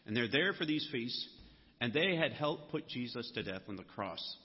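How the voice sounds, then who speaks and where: A man's voice: mid-range voice, expressive, normal speed, breathy edge. A man preaching a sermon, earnest, lifting his voice on the key words. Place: church sanctuary. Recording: muffled sound with long hall reverb.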